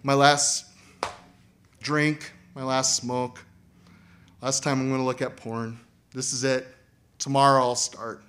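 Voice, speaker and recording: A man preaching a sermon as pastor, animated and acting out quoted voices. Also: medium pitch, slow pace, long pauses.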